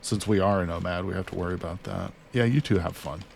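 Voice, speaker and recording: A man with a lowish voice talking through a survival game in a loose, chatty way. He narrates his moves and talks to his character as he goes. Faint background noise sits under his voice. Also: fast talker, vocal fry. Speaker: gaming streamer. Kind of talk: casual let's-play commentary.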